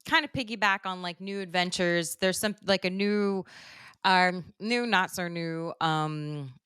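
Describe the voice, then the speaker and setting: A woman hosts a casual podcast chat in a low, smooth, resonant voice. She talks with open emotion, gushing and laughing. The sound is dry and close. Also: a little slow, fairly bright tone, no echo. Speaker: podcast host.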